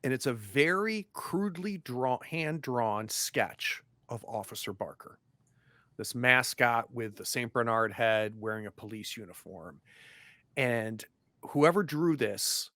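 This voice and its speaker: Man, game master, animated narration, bright tone, dry sound. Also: medium pitch, no room sound. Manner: animated, descriptive, with fillers.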